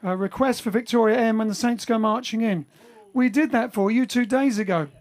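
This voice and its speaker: A man's voice: very high voice, a little fast. Guy chatting on his band's lockdown livestream, reading viewer comments, rambly, lots of um and uh. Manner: rambling, chatty, with many fillers and restarts. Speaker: band member hosting a livestream. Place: home during lockdown.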